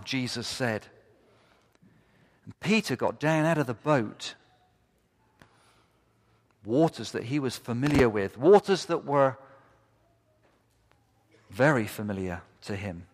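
Male pastor, mid pitch, unhurried, fervent sermon delivery, big reverberant sanctuary sound. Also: expressive. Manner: impassioned, rising to fervent repeated cries. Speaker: preacher. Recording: long reverb of a large hall.

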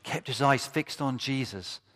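A man's voice: mid-range voice, measured pace, fairly bright tone. A man preaching a sermon to his congregation, impassioned and building to fervent repeated cries. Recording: long reverb of a large hall.

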